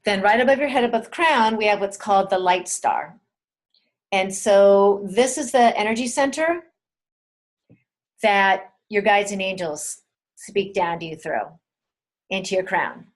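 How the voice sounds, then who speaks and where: A woman teaching a spiritual webinar in a gentle, soothing way, talking straight to her listeners and repeating key words. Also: medium pitch, a little slow, long pauses.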